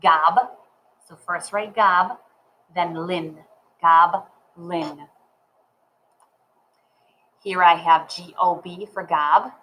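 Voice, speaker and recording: A woman teaching a reading lesson at a slow, deliberate pace. Her voice sits a little low, and she breaks each word into syllables and spells it out letter by letter. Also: bright, forceful tone, low-quality recording. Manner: slow, careful, sounds words out syllable by syllable.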